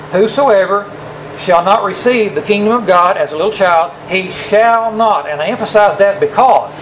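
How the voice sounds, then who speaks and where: A man's voice: a little high, slight background noise, low-quality recording. A man preaching a sermon, stretching out the key words of the scripture he quotes and putting rhetorical questions to his listeners. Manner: emphatic, drawn-out stress on scripture quotes; asks the audience rhetorical questions.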